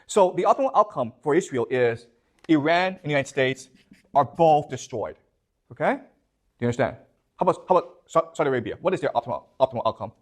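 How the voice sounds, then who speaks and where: Animated lecturing man, constant check-ins. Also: a little high, quick pace. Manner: keeps checking in with "okay? you understand?"; poses questions to the students. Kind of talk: classroom lecture.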